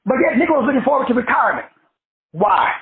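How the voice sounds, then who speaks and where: Animated, slangy man on a tinny line. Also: very high voice, fast. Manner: animated, slangy and profane, acting out other people's voices. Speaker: life coach. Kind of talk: casual motivational talk. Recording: tinny phone-like sound.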